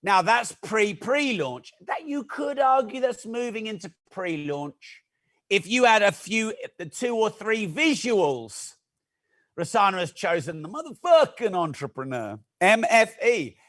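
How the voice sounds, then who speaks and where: Man, high voice for a man, masterclass host, energetic, chatty, jokey asides. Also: unhurried. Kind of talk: live-streamed teaching talk.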